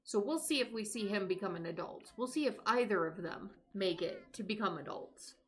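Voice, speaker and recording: A woman's voice: mid-range voice, lively intonation, brisk. A young woman streaming a life-sim game, chatting casually to her characters and to her viewers. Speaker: live streamer. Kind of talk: casual gameplay commentary.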